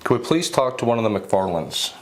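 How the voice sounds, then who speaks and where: A man's voice: medium pitch, sing-song, brisk. A man on a paranormal investigation, talking with his team and calling out questions to spirits inside an old house. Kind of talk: ghost hunt chatter.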